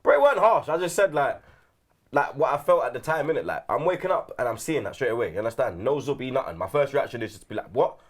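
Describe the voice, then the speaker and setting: Slangy man with lively pitch. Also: fast. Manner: slangy, tags lines with rhetorical questions. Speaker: regular guest on a fan show. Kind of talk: casual chat.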